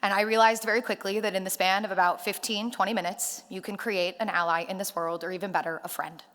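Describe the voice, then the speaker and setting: A woman giving a rally speech, telling stories and acting out the dialogue with lively energy. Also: mid-range voice, fast talker. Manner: animated storyteller acting out dialogue. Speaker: rally speaker. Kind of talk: public speech with storytelling. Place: synagogue hall at a rally. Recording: reverberant hall.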